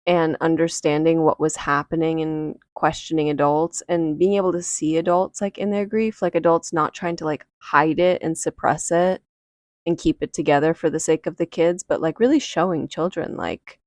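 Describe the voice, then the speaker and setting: A woman's voice: deep voice, fairly even intonation, normal speed, a little mellow, no echo. A woman hosting a podcast, telling a personal story in a casual, emotional and reflective way, with many fillers. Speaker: podcast host.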